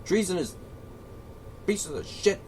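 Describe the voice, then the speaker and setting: A man delivering an angry, profane solo rant, sarcastic and swinging between shouting and muttering. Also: high-pitched, very animated, slow pace, a little hiss or hum. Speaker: political commentator.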